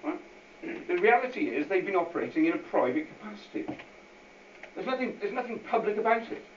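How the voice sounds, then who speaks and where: In a meeting hall before an audience, a very animated man with a high voice speaks briskly as an unscripted guest speaker. He is informal, rambling, repetitive and full of side remarks. The recording has a dull, distant, echoey quality and light hiss.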